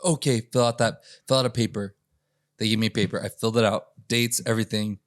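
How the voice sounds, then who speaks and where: Profane, animated male storyteller. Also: on the low side, fast talker, no echo, studio quality. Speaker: podcast host. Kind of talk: casual storytelling chat.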